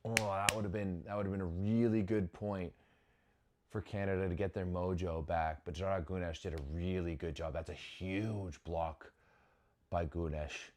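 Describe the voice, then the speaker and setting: A young man with a low voice hosts a volleyball watch-along at a moderate pace. His live commentary is casual, punctuated by sudden excited exclamations and frequent restarts.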